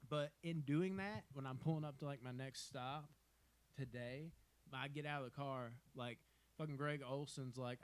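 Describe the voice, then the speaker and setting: A man's voice: mid-range voice, normal speed. A young man in casual podcast chat, telling stories animatedly, acting out quotes, laughing often and swearing freely. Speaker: podcast co-host.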